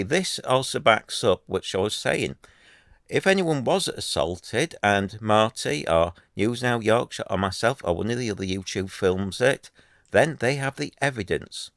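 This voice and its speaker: A man's voice: on the low side, a bit bright, no echo, clean studio sound. A man, talking to camera in an earnest, rambling way, full of restarts and fillers. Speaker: YouTuber. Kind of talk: casual commentary to camera.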